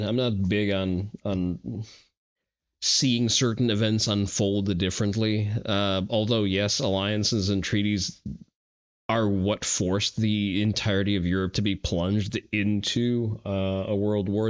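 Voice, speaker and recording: Low-voiced blunt male streamer, dull mic. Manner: blunt and profane, with hesitant fillers and laughs. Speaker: livestream host. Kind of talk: casual stream commentary.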